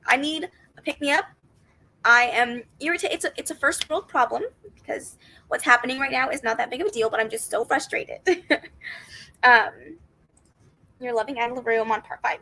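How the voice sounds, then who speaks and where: Bubbly high-voiced woman chatting on a livestream. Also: expressive, normal speed, pauses often, sharp tone, rough recording. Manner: chatty, greets viewers and reads their comments aloud; upbeat with frequent laughs and squeals. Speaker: book livestream host. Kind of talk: casual live-stream chat.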